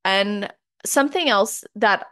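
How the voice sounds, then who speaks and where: A podcast host with a mid-pitched woman's voice shares examples in relaxed, chatty conversation. She tells little stories with casual fillers along the way. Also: slow pace, smooth.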